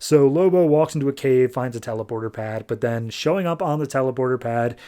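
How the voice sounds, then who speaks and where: A man at an everyday middle pitch, hosting a podcast and recapping a comic issue in a casual, wry way. He talks in an animated manner and slips into quick character voices. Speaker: podcast host reviewing comics.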